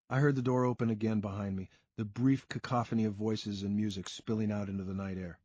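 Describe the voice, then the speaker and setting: A man reading a first-person crime story aloud in a steady storytelling delivery. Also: fairly low pitch, a little fast, hardly any pauses, dry recording, lo-fi sound. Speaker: audiobook narrator. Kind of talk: first-person scripted narration.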